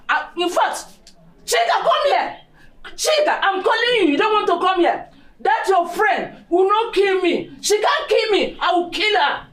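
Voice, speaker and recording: Brief: shouting Nigerian mother, harsh and scolding, high, very lively voice.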